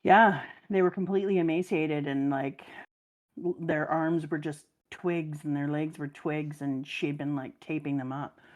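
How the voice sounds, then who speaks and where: A woman's voice: deep voice, steady tone, measured pace, darkish tone, dull audio. A woman chatting casually on a live stream, telling stories animatedly and laughing often. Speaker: stream guest and mother. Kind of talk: casual chat.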